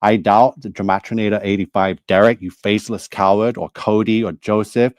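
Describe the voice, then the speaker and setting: Angry man with a low, dry voice. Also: steady tone, a little fast, hardly any pauses, dry recording. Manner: heated, accusing, repetitive. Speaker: video creator. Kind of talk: angry monologue to camera.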